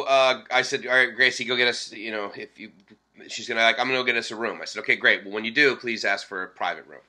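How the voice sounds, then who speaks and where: A man's voice: lowish voice, low-quality recording. A man from the Boston area telling a rambling travel story to camera, full of fillers and self-corrections. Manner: animated quoted dialogue. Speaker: vlogger.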